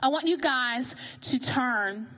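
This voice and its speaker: A woman preaching a sermon in a lively, conversational way, often asking the congregation questions. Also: sits high, takes it slowly.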